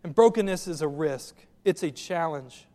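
High-voiced preacher in an echoing hall. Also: male voice, animated, normal speed, dark tone. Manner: earnest preaching, direct questions to listeners. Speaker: pastor. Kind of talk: sermon.

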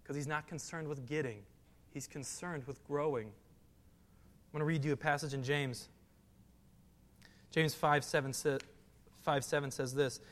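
A male pastor preaching, his voice rising and pressing hard on the scripture he reads aloud. His voice sits high for a man. The sound carries a long reverb, as if in a large hall. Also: fairly even intonation, unhurried, pauses often, a bit bright. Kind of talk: sermon.

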